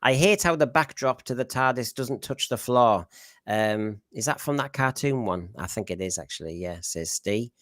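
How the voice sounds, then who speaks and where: A man's voice: mid-range voice, animated, moderate pace, a bit bright, no echo, studio quality. A man with a Middlesbrough accent hosting a casual live panel chat, rambling as he reads out viewer comments. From Northeast England. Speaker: podcast host.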